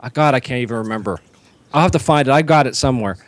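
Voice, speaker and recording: A man's voice: medium pitch, racing, dry recording. A man co-hosting a comedy podcast, animatedly retelling comedians' jokes in casual chat.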